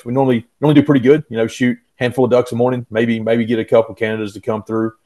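A man's voice: medium pitch, flat delivery, rapid-fire, darkish tone. A man, a guest on a podcast, telling folksy hunting stories in an easygoing way. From Arkansas, US. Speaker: guest, rack company owner. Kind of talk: casual podcast chat.

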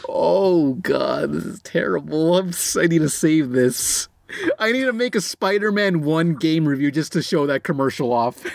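Lively, excitable man, dry sound. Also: on the high side, moderate pace, gravelly, no room sound. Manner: excitable, swears, laughs often. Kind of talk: casual chat.

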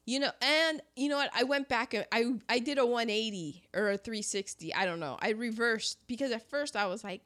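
A woman's voice: fairly high pitch, fairly quick, few pauses. A woman chatting casually about a war film, acting out scenes and laughing often. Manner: animated, acts out lines from the film, laughs often. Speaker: co-host discussing a war film. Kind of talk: casual chat.

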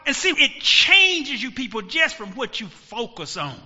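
A middle-aged male pastor preaching a sermon emphatically, rising to shouts with dramatic pauses. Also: extremely high pitch, very animated. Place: church sanctuary. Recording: dull recording, long hall echo.

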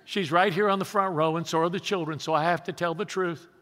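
An older male pastor in his sixties delivers an emphatic sermon, his voice high and forceful. He keeps turning to the congregation with questions. The sound carries a long reverb from a large church hall. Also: fairly even intonation, fast talker.

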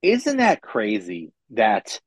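A man's voice: lowish voice, wildly swooping pitch, husky, dry recording. A man hosting a podcast, chatting casually and reacting with enthusiasm to his guest. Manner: enthusiastic, gives quick reactions. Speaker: podcast host. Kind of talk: casual interview chat.

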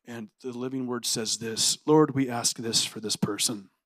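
A man voicing a solemn doctrinal churchman who prays in a low, measured way. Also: steady tone, fairly bright tone, natural voice.

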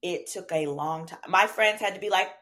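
A woman with a Southern American accent telling a personal story as a podcast guest, animated and profane, acting out quoted dialogue. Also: on the low side, moderate pace. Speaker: podcast guest, attorney and comedian. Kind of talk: casual storytelling chat.

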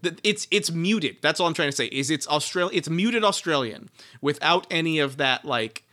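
Podcast co-host, male, bright and a little high, chatty, rambling, restarts. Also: animated, moderate pace. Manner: rambling, laughing, lots of restarts. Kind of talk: casual book-discussion podcast.

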